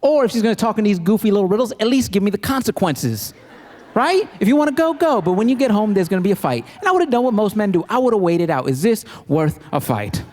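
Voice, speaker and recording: A man performing stand-up comedy, telling animated, mock-exasperated stories on a stage mic before a live audience. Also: sits high, fast talker, few pauses. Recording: live crowd and noise.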